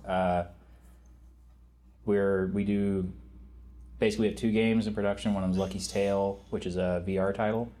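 Game dev guy guesting on a podcast, kinda low voice, rambly and goofy. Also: level tone, normal speed, pauses often, warm tone. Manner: rambling, self-deprecating joking. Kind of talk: casual chat.

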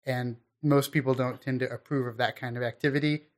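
A man co-hosting a podcast in casual chat, rambling and laid-back, often trailing off quietly. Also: mid-range voice, fairly even intonation, brisk. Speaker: podcast co-host.

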